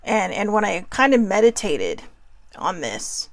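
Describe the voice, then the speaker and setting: This is a woman host speaking from the heart about her own past, her voice gravelly and set in a close, dead-sounding space. She talks candidly, circles back, and starts sentences over. Her pitch sits in the middle of the usual range. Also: sing-song, a little slow, dry recording. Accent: Hawaiian. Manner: candid, emotional, many restarts and asides. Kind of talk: personal reflective monologue.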